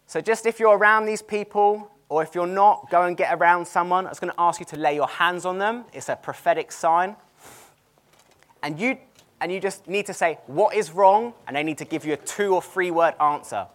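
Guy preaching, chatty and animated, voice sits a bit high. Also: brisk. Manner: animated, chatty, laughs at his own stories. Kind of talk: sermon with storytelling. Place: cinema used as a church venue.

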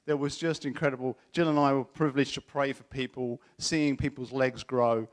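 A middle-aged man preaching a sermon, telling a personal story in an animated way and acting out the voices of people he quotes. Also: mid-range voice, normal speed.

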